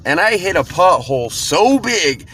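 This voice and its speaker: A man's voice: sits high, big pitch swings, a little slow, pushed and bright. A man vlogging from his car about his delivery runs, talking in a hyped, joking, storytelling way. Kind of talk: casual vlog narration. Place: inside a car. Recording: clear road noise in a car. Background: car and road noise.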